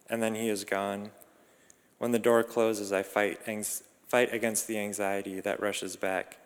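A man narrates a reflective first-person story with calm, measured delivery. His voice is low and smooth, with little rise and fall, and it rings out with a long reverb.

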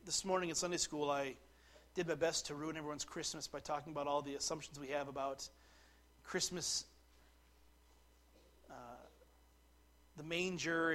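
A man preaching a sermon, dropping to quiet asides and rising to loud, slowed declarations. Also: fairly high pitch. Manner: slows right down to stress key words. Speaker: pastor.

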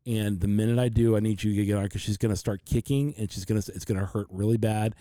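In an emotional stretch of a podcast he co-hosts, a man earnestly relates a frightening family episode, bringing others' lines to life. His pitch is fairly low and his tone warm and steady, he talks fast, and there's no room sound.

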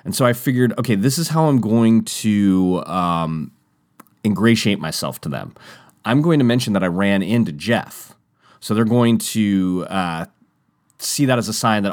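A man's voice: moderate pace, dry recording, studio quality. A man telling a personal story in a casual, rambling way, acting out the other people's lines in raised voices. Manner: animated, jumps to high voices when quoting others; rambling with frequent restarts and fillers.

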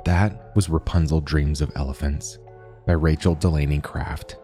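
A man reading a short story aloud in a measured, deliberate way as a podcast host and narrator. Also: extremely low pitch, fairly even intonation, over music.

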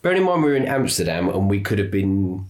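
A man co-hosting a podcast, spinning stories in a loose, chatty way. His voice sits a little low and laughter keeps breaking into his tales, with the odd swear word along the way. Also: fast talker. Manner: animated, laughs often, swears casually. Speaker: podcast co-host. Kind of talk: casual storytelling chat.

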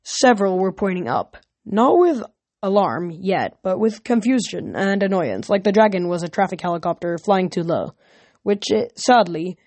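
A woman's voice: mid-range voice, very animated, normal speed, darkish tone, dry recording. A woman reading a novel aloud in a casual way, often correcting herself. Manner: casual, frequent self-corrections. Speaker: reader.

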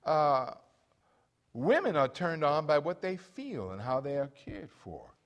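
A middle-aged male pastor preaches to his congregation, and his voice swoops up and down with every point. He sits a little higher than most men and keeps asking for amens as he builds each point. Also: sing-song, measured pace, highs cut off. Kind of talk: sermon. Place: church.

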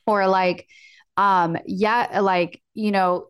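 A woman's voice: mid-range voice, moderate pace, dry recording, studio quality. A young adult woman hosting a solo podcast in a chatty, upbeat way, full of fillers and quoted little scenes. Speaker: podcast host. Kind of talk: casual solo podcast talk.

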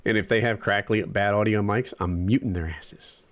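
A man's voice: on the low side, steady tone, moderate pace, fairly bright tone. A man in his forties co-hosting a podcast, chatting casually and rambling with lots of fillers. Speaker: podcast co-host. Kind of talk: casual chat.

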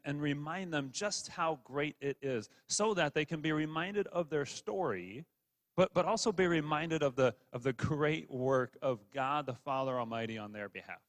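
A pastor preaching a sermon in a relaxed, conversational way, often stumbling over and repeating his words. His voice sits a little high for a man. The sound rings out with a long reverb, like a large church hall. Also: normal speed.

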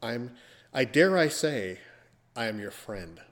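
A podcast host with an animated, mid-range voice speaks slowly while playfully and theatrically teasing his guest on a casual show. A long reverb tail trails his words.

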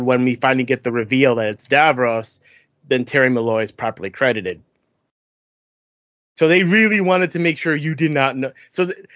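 An animated man in casual podcast chat, mid-pitched and lively, who stumbles over repeated words and breaks into mimicry. The sound is dry and close, a little dull and lo-fi. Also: no room sound. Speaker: podcast co-host.

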